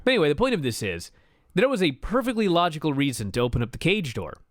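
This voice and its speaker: A man co-hosting a wrestling review show, retelling a match with excited, profane storytelling. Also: fairly high pitch, fast talker, dry recording, clean studio sound. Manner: animated storyteller, swears freely, laughs while telling. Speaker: wrestling podcast co-host. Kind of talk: excited casual review chat.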